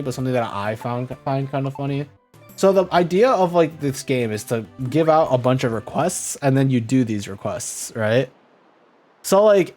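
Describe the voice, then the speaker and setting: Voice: mid-range voice, a little mellow. A streamer chatting casually and rambling with fillers while playing a game.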